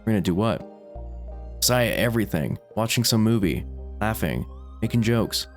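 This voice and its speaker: A man's voice: on the low side, animated, moderate pace, soft background music. A man reading the lines of a grieving teenage girl in a visual novel, hesitant and trailing off. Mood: subdued.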